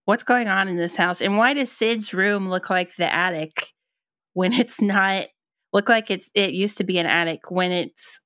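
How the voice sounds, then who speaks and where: A woman's voice: mid-range voice, a little slow, fairly bright tone, no echo, clean studio sound. A woman co-hosting a podcast, musing casually with many ums and restarts. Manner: thoughtful, hesitant, many ums and likes. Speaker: podcast co-host. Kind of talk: casual chat.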